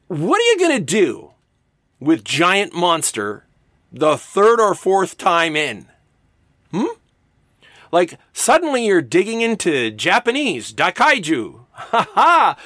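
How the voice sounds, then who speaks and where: A man's voice: fairly high pitch, pushed and bright, no echo, clean studio sound. A man giving a recorded lecture on writing, emphatic and playful as he explains his points. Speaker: writing instructor.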